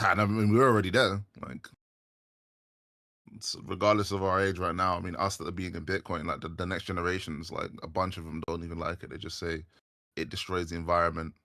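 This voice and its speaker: British male guest, low voice, dry mic, chatty and quick to laugh. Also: dry recording. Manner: laughs often, animated banter. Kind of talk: casual live stream chat.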